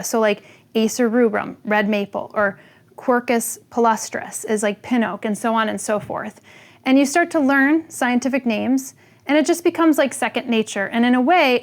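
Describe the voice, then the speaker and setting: Chatty higher-voiced woman teaching plants. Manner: chatty, frequent "like" fillers. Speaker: host teaching plant names. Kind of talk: casual educational talk.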